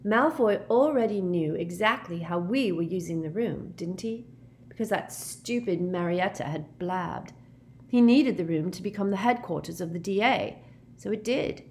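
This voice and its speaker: A woman's voice: fairly low pitch, normal speed, darkish tone, a little hiss or hum, voice pushed up, close to an everyday voice. A woman voicing a clever, careful teenage girl witch who explains things step by step. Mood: thoughtful. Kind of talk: audiobook character voice.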